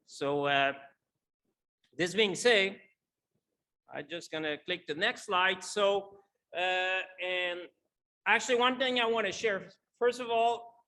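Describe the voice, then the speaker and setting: A man's voice: sits high, sharp tone. A middle-aged man with a French Canadian accent, a native French speaker, giving a conference talk in English with many fillers and restarts. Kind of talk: conference presentation.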